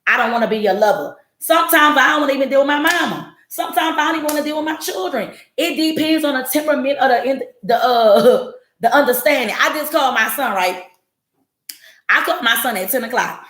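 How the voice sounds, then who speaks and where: A woman's voice: sits high, fairly quick. A woman in her forties hosting a podcast, talking bluntly and with plenty of profanity in a casual monologue to her listeners. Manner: blunt, profane and animated, jumping into quoted voices. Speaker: podcast host. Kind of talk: casual monologue to a live audience. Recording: echoey room.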